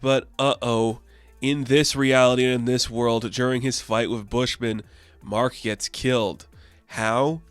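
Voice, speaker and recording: A man's voice: mid-range voice, fairly even intonation, a little slow, smooth, no echo, faint music behind. A man reviewing a comic book in casual chat, enthusiastic and filling his talk with "like". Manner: enthusiastic, heavy use of "like".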